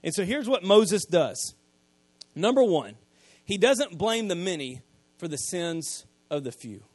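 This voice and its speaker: A man, preaching a sermon, retelling scripture in casual everyday speech and swinging from quiet asides to loud emphasis. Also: high voice, big pitch swings, a little slow, no echo. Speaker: pastor.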